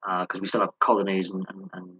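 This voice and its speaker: A man hosting a live sports Q&A, telling rambling anecdotes with lots of restarts and animated quoted dialogue. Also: low voice, fast, slightly rough, no echo, poor audio. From United Kingdom. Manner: rambling storytelling with frequent restarts and animated quoting. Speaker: host of a sports channel. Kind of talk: casual live Q&A chat.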